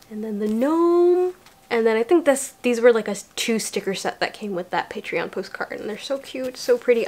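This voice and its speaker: A young woman chatting casually to her viewers as she unpacks a parcel, bubbly and talkative. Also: a little high. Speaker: vlogger. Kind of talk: casual unboxing vlog.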